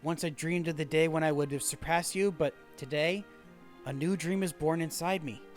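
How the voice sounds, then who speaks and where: A man's voice: on the high side, fairly even intonation, moderate pace, faint music behind, voice pushed down, close to an everyday voice. A man reading the lines of an earnest young woman geiko in a video game, formal and heartfelt.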